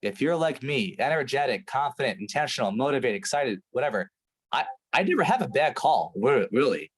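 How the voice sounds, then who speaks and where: A male sales coach talking to his team, blunt and full of swearing as he acts out scenes. His pitch swings widely from line to line. The voice has a slightly husky edge. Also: sing-song, fairly quick.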